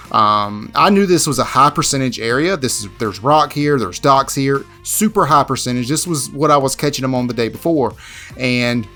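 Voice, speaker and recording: A man narrating a voice-over recap of his own fishing tournament, halting and repeating words as he restarts. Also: mid-range voice, a bit bright. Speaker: fishing vlogger.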